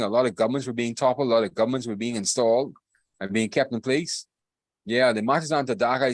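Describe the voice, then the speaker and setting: A man rants through casual political talk on a podcast. He keeps repeating himself. His voice sits at an ordinary middle pitch, recorded dry and close. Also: no echo. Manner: ranting, emphatic, repetitive. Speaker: podcast co-host.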